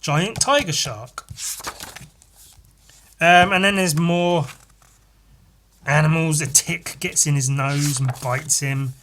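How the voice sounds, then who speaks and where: A man hosting a podcast, casually retelling a picture story in an animated, sweary, laughing way. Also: fairly high pitch, takes it slowly, pauses often, a little hiss or hum. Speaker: podcast host.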